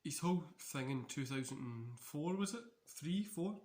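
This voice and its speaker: A man's voice: a little high, expressive, moderate pace, a little mellow. A man hosting a casual wrestling watch-along, talking in a loose, rambling way. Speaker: wrestling channel host. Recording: echoey room.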